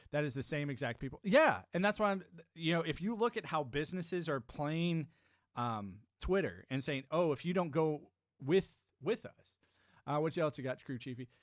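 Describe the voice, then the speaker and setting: A man's voice: fairly high pitch, no room sound, studio quality. Rambling man ranting on a livestream. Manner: rambling, animated, frequent restarts and mock-quoted voices. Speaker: livestream host. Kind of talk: casual political commentary rant.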